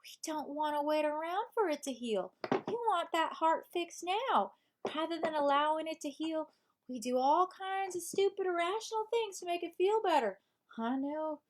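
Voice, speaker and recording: A woman's voice: very high voice, pitched above the performer's own voice. A woman reading a self-help book aloud in a put-on American Southern accent, voicing an earnest advice-giving woman. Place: home live stream.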